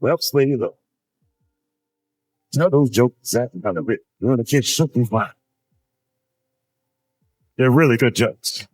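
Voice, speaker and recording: A man doing stand-up comedy, telling a profane story in an animated way with sudden high-pitched outbursts. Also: moderate pace, long pauses, dry recording, low-quality recording. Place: comedy stage.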